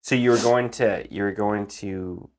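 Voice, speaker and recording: A woman asking short interview questions in a quiet, slow, prompting way. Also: very deep voice.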